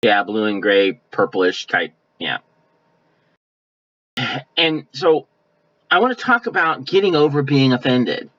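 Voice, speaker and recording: A male pastor preaching a sermon in a folksy, conversational way, now and then mimicking offended people in quick asides. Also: mid-range voice, sing-song, a bit bright. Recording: dull lo-fi sound.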